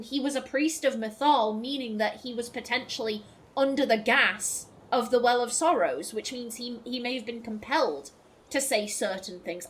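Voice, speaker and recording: A woman's voice: on the high side, fairly bright tone. Exasperated woman ranting over gameplay. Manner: ranting, exasperated, swears freely. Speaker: let's play host. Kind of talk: gameplay commentary.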